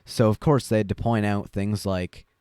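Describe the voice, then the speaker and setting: Podcast host, young man, low voice, unhurried and wry, dry close sound. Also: steady tone, dark tone, clear, resonant tone, no room sound. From Chinese family background. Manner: rambling, wry, many fillers. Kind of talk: casual monologue.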